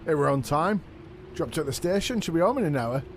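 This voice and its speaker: A man's voice: on the high side, lively intonation, a little hiss or hum. A man playing a dim, boastful wrestling champion on a comedy podcast. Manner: dim-witted, boastful, quick to laugh and swear. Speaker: comic co-host in character as a wrestling champion. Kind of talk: scripted comedy podcast dialogue.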